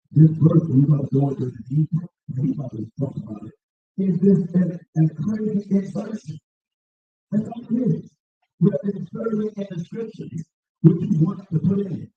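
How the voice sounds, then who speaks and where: A man teaching a Bible class, reading aloud and commenting, with calls for the class to repeat after him. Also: high-pitched. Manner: reads aloud and comments, call-and-response. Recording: roomy, distant, dull sound.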